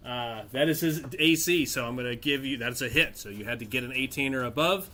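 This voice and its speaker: A man narrating as game master of a tabletop game, describing scenes slowly with many fillers. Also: mid-range voice, crowd noise.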